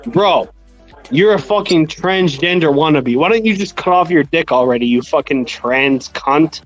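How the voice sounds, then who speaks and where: A man chatting on a boxing talk stream, provoking a guest with crude, drawn-out jabs. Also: a little high, animated, dull audio, faint music behind. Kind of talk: casual chat.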